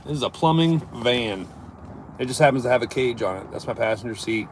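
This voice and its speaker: A man's voice: mid-range voice, expressive, brisk, slight background noise. A man who works as a service plumber chatting casually on a live stream from inside his work van, reading viewer comments and joking loosely.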